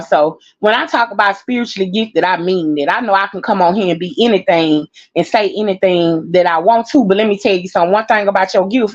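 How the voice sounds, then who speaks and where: A tired woman talking casually to her viewers, rambling and heartfelt, calling them y'all and laughing through her exhaustion. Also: medium pitch. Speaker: vlogger. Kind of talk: casual personal talk to viewers. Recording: dull lo-fi sound.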